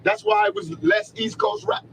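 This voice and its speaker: A man's voice: very high-pitched, big pitch swings, moderate pace, vocal fry, fairly bright tone, slight background noise, rough recording. A man giving a heated, profane interview, telling his story emphatically in an archival recording. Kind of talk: candid interview.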